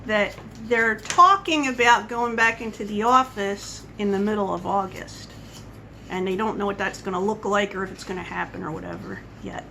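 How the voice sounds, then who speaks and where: A woman's voice: medium pitch, pushed and bright, a little hiss or hum, poor audio. A woman vlogger talking at home in a casual coffee-chat monologue, rambling and wandering off on tangents. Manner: rambling, chatty, goes off on tangents.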